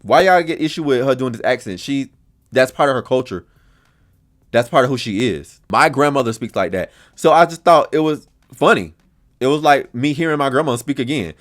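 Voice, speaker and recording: Animated, blunt male podcast host. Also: mid-range voice, normal speed. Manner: chatty, blunt and expressive, with frequent swearing. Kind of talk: casual reaction commentary.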